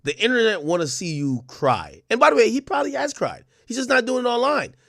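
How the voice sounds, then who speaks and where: A man's voice: very high-pitched, lively intonation, a little fast, fairly bright tone, no echo, clean studio sound. A young man from Jamaica with a Jamaican accent, hosting a livestream and telling profane stories with many restarts. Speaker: livestream host. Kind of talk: casual commentary.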